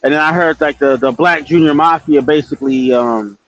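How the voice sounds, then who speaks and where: Halting West Coast man on a muffled line. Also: fairly high pitch, a bit bright, no room sound. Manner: halting, full of ums and restarts. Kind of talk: casual question on a stream. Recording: dull, dry streamed audio.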